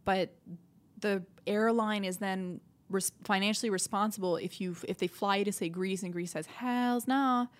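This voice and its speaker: A woman's voice: mid-range voice, fairly even intonation, normal speed. Comedian lady chatting bluntly, explains stuff at length. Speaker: comedian guest. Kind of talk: casual chat.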